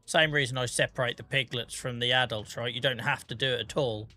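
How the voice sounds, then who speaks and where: A man's voice: mid-range voice, fairly even intonation, a little fast, pushed and bright. A man with a Norfolk accent casually chatting through a farming game stream, chatty and self-deprecating, muttering to himself as he plays. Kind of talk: casual gameplay commentary. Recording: faint music in the background.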